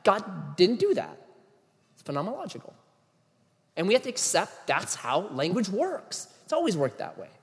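Animated high-voiced male preacher. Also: moderate pace, creaky, in a large hall. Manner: animated, emphatic, many rhetorical questions. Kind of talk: sermon.

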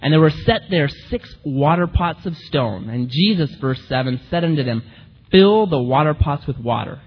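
A man preaching a sermon in an animated way, acting out the voices of the people he quotes. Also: fairly high pitch, moderate pace, husky. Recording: muffled recording in a reverberant hall.

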